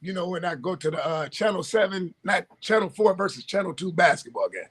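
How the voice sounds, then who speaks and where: A man's voice: sits high, brisk, husky. A man from Michigan co-hosting a casual sports talk show, acting out conversations and laughing as he tells stories. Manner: animated storyteller, acts out dialogue, laughs a lot. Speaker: co-host.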